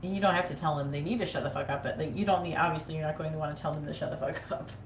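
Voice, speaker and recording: A woman's voice: deep voice, steady tone, rapid-fire, noisy background. A woman giving a live-streamed tarot reading, talking bluntly and swearing freely. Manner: blunt, swears freely, mimics nagging voices. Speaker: psychic reader. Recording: echoey room with faint ambience.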